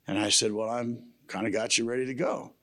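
A preacher voicing God as patient and exasperated, speaking low and dry in a sermon retelling. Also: male voice, fairly even intonation, brisk, sharp tone, natural voice.

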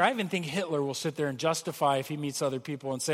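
Male pastor, earnest sermon delivery, high voice, recorded in a reverberant church hall. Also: very fast, few pauses. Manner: earnest preaching, acts out pleading quotes.

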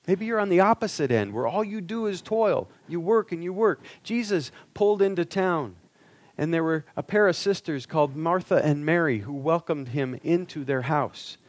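A man's voice: fairly high pitch, expressive, normal speed, no echo. A male preacher giving an earnest sermon, pressing the listeners with rhetorical questions.

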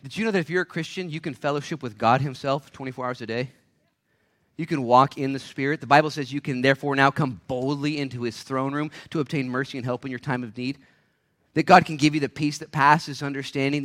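A man preaching a sermon to a church congregation, impassioned, firing off rhetorical questions and swinging from hushed tones to shouts. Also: fairly high pitch. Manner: rapid-fire rhetorical questions. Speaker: pastor. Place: church service.

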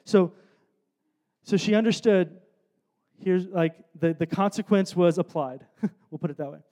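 High-voiced man preaching a sermon. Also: measured pace. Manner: storytelling, shifts between soft asides and loud emphatic bursts. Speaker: pastor. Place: stage before a congregation.

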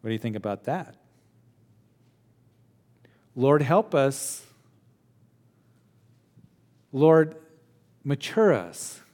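A man preaching a sermon with an animated, emphatic conversational manner. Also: medium pitch, very slow, long pauses. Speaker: pastor. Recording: long hall reverb.

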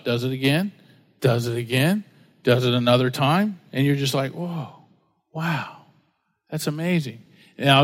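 Pastor guy preaching casual, jokey, kinda higher voice, does little voices for people in his stories. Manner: conversational, jokey, acts out quoted voices. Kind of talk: casual storytelling sermon.

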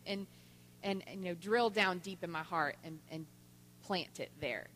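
A woman giving a Mother's Day talk in church, telling stories with lively voiced quotes. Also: on the low side, measured pace. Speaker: church speaker. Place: church sanctuary. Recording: long church hall reverb.

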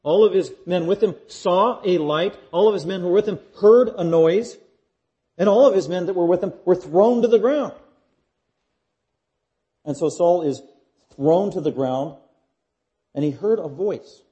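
Guy preaching a sermon, mellow warm voice, pitched a bit high, gets loud then drops real quiet. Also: unhurried, long pauses, dull audio. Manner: emphatic, building repetition, swings from loud to hushed. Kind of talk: expository sermon.

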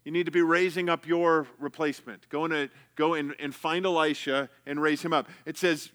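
A man's voice: a little high, steady tone, normal speed, hardly any pauses, fairly bright tone. A man preaching a sermon in a conversational way, reading scripture and repeating himself as he explains. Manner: conversational preaching with repetitions and asides. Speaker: pastor.

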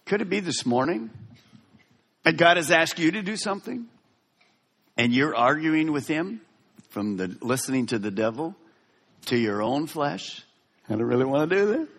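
A man preaching a sermon as pastor in a large church hall, dramatic, swinging from soft to loud. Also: mid-range voice, animated, moderate pace, pauses often, husky. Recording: long reverb of a large hall.

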